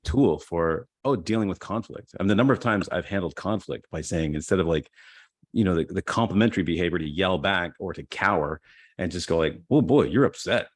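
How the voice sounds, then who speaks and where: Middle-aged male improv teacher, low voice, dry close sound, animated storyteller. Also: fairly quick, dry recording. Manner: animated storyteller, acts out quotes. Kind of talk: casual conversation. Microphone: video call.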